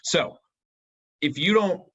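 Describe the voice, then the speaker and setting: A man coaching real estate agents in a casual training discussion, explaining things in a soft, questioning way. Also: sits high, animated, slow pace, breathy edge, low-quality recording. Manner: explanatory, demonstrates a softly questioning tone.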